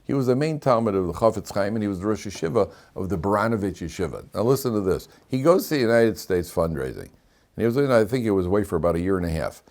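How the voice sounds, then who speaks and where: A man's voice: lowish voice, fast. A man, a rabbi giving a Torah class, telling stories with animation, acting out dialogue, wandering off on asides and asking rhetorical questions. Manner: animated storyteller who acts out dialogue; digressive, with frequent restarts and rhetorical questions.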